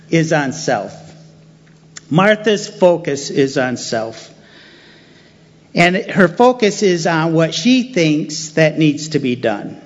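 A man's voice: fairly high pitch, dull audio. A man preaching a sermon, who repeats key phrases for emphasis. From United States.

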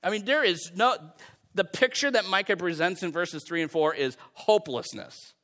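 A man preaching a sermon in a loose, conversational way, his voice sitting a little on the high side. He reads scripture aloud and slips into everyday quoted voices to drive his points home. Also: normal speed, pushed and bright.

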